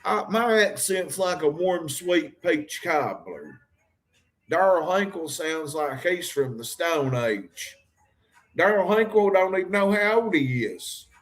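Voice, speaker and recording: A man rambles through a livestream, calling out to viewers by name and firing off jokes. His voice sits a little higher than most men's. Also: big pitch swings, slow. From Harlan County, Kentucky. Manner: rambling, addresses viewers directly, jokey. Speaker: livestream host. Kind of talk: rambling livestream talk to chat.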